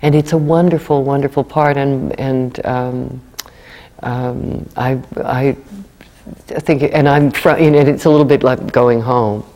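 Mellow-voiced woman, halting, echoing hall. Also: very deep voice, steady tone. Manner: hesitant, many fillers and restarts. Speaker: guest actor. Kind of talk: conversational interview.

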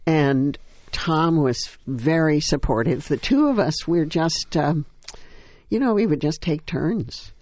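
An older woman, a stage actress, reminiscing in an interview with a wry, unhurried storytelling manner. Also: deep voice, a little mellow, no echo.

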